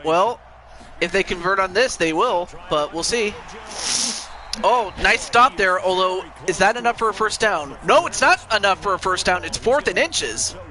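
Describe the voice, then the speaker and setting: A man's voice: high voice, expressive, moderate pace, a crowd in the background. A man calling the plays of a football video game with a friend, in a casual style with hesitant fillers. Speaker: co-commentator.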